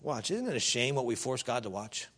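A man preaching a sermon, emphatic and animated, addressing the congregation directly. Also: mid-range voice, brisk.

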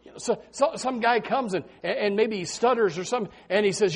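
A man preaching a sermon in a folksy, animated way, swinging between loud and soft and saying amen often. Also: a little fast, breathy edge. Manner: folksy, animated preaching with big swings in pitch and loudness, frequent amens.

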